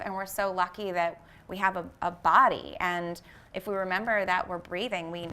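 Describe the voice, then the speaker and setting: Bright-voiced earnest woman. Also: lowish voice, steady tone, moderate pace. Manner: earnest, searching for words with many fillers. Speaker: vegan fashion brand founder, interview guest. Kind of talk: casual reflective interview talk.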